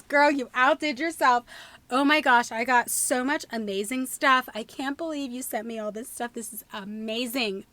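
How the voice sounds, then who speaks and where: A woman's voice: a little high, normal speed, dry recording. A woman, gushing and gasping as she unboxes gifts in her vlog. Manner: gushing, gasping, squealing with excitement. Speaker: vlogger.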